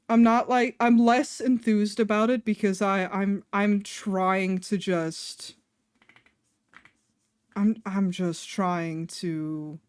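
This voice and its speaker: A woman's voice: mid-range voice, darkish tone, clean tone, no room sound. A young adult woman streamer telling a personal story in a chatty way, full of fillers and laughing between lines. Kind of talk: casual storytelling on a live stream.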